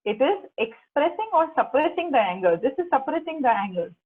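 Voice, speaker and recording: A woman's voice: high voice, very animated, a little fast. A middle-aged woman, leading a coaching workshop in an earnest, instructive way and repeating key phrases. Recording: tinny phone-like online call audio.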